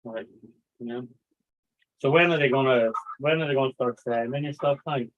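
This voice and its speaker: A man's voice: mid-range voice, normal speed. Guy rambling on a livestream, cursing a lot, reading out chat, sounds like a phone line. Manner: rambling, swears a lot, reads chat aloud. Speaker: livestream host. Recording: tinny phone-like audio.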